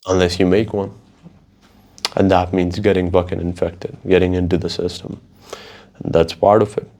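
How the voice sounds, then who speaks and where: Speaking at normal speed in a low voice, a podcast host talks casually by himself. The monologue is profane and rambling, with animated storytelling.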